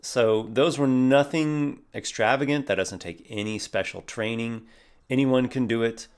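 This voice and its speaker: A man's voice: medium pitch, measured pace, clear, resonant tone. A man giving an encouraging tutorial on role-play and voice acting, talking to camera. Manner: friendly, encouraging, demonstrative. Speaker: YouTube creator teaching role-play.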